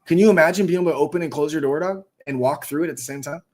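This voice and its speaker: A man's voice: fairly high pitch, very fast. A man hosting a live audio chat, telling a story in casual, profane slang and calling his listeners bro and dog. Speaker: host of a live audio space.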